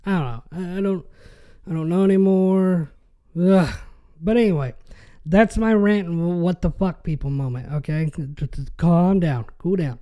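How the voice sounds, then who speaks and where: A young man hosts a podcast and rants in exasperation, swearing and tripping over his words. His voice is high, smooth and warm, at a normal speed.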